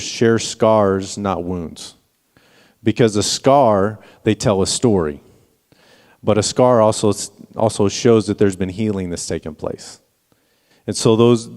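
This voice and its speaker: A middle-aged man preaching in a church sanctuary, his lowish voice trailing into a long reverb. He speaks earnestly and personally, often stopping to restart a sentence. He sounds like a pastor talking straight to his congregation. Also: a little mellow. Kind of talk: sermon.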